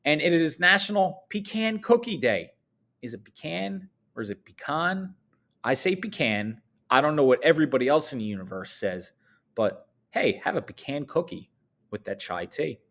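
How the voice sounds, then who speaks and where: A man giving morning announcements at a high school in an upbeat, chatty way, swooping up high for emphasis. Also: big pitch swings, normal speed, fairly bright tone.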